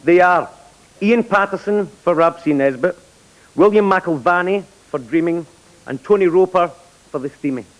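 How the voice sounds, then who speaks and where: A man's voice: sits high, normal speed, rough recording. A man presenting an award, telling a joke in a dry storytelling way. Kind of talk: comic anecdote at an awards ceremony.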